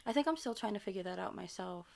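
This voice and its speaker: A woman's voice: medium pitch, expressive, fast talker, gravelly, a little mellow. An American woman with a lisp and a slight Filipino touch to her accent, answering viewer questions in a casual, rambling way with many ums. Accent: American with a slight Filipino touch from her parents. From United States. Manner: rambling and hesitant, many ums and self-corrections. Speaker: ASMR creator.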